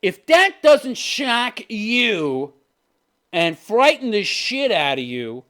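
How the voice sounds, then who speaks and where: A man's voice: sits high, very animated, slow pace, a bit bright. Sarcastic, profane man in his fifties. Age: 50s. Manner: sarcastic, profane, scoffing, chuckles at his own jabs. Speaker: commentary channel host. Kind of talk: ranting commentary on posts.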